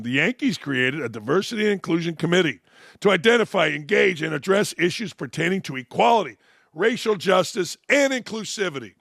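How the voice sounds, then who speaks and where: Older sarcastic man with a gravelly edge. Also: fairly high pitch, dry recording, clean studio sound. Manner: sarcastic, mocking, animated with voiced asides. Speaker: sports talk show host. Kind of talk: opinionated talk monologue.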